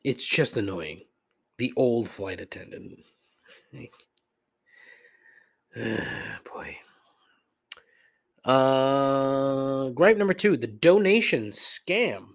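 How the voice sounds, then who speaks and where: A middle-aged man riffing through a casual podcast rant, swearing freely and wandering off on tangents. His voice sits at an ordinary middle pitch, and he griping with comic frustration, breaking off into asides. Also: animated, very slow, pauses often. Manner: profane, rambling, griping, frequent laughs and asides. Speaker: podcast host.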